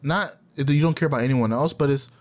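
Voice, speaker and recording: A man's voice: on the high side, quick pace. A man co-hosting a casual podcast chat, telling stories animatedly, acting out quotes and swearing freely. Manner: animated storytelling, acts out quotes, profane. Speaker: podcast co-host.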